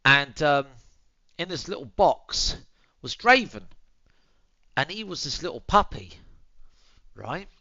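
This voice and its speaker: A man's voice: a little high, very animated, takes it slowly, pauses often, bright, forceful tone, no room sound, muffled recording. A young man, telling a story to his viewers in casual chat, swearing freely and calling them boys and bro, muttering asides while he tends his dog. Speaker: streamer.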